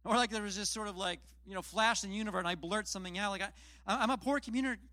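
This pastor retells scripture as plain, chatty storytelling in a casual sermon, adding self-deprecating asides. His high voice is rapid-fire and sharp-toned, with no room sound.

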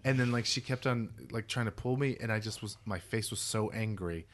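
This podcast co-host has a lowish voice and talks a little fast. He is an animated storyteller in casual conversation, performing the voices of those he quotes.

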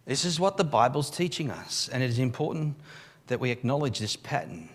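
A man, a pastor preaching a live sermon in church, telling the story with emphatic, animated delivery and frequent restarts. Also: medium pitch, brisk, a little hiss or hum. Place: church service.

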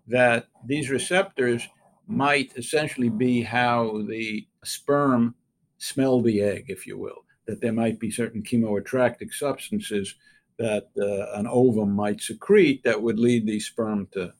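Older man telling a wry anecdote. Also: mid-range voice. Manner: wry storyteller who acts out quoted voices. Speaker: interviewed scientist. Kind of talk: relaxed anecdotal storytelling.

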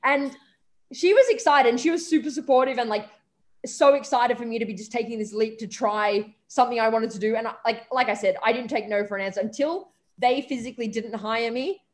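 A woman's voice: fairly high pitch, a little fast. A young Australian woman telling a story as an interview guest, chatty, acting out the voices of the people she quotes. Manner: lively anecdotes, acts out quoted voices, frequent "um" and "like". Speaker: interview guest, stage performer. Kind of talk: casual storytelling.

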